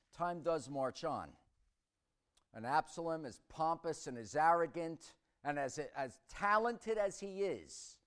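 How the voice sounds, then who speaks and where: A man preaching a sermon, swinging between hushed reflection and loud, dramatic storytelling. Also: on the high side, clear, resonant tone.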